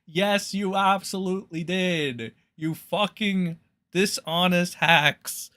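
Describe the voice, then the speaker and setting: A young man streaming, ranting angrily and profanely, mocking others in sarcastic high voices. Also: fairly even intonation, slow pace, bright, forceful tone, no room sound. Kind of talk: angry rant reacting to clips.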